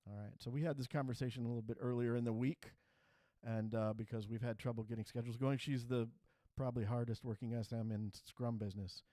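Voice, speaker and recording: A man's voice: mid-range voice, fairly even intonation, quick pace, dark tone, no echo. A man hosting a live stream, introducing a recorded conversation in a loose, rambling way. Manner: rambling, restarts often.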